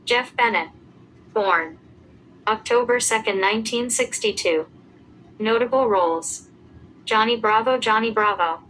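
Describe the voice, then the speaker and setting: A woman giving a scripted narration, reading out lists of names and dates at an even pace. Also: fairly high pitch, measured pace, pauses often, a little hiss or hum, low-quality recording.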